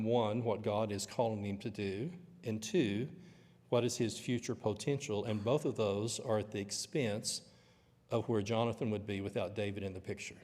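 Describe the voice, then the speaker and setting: A man's voice: fairly low pitch, darkish tone, big-room sound. A man teaching a Bible lesson in church, with a conversational, storytelling manner. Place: church auditorium.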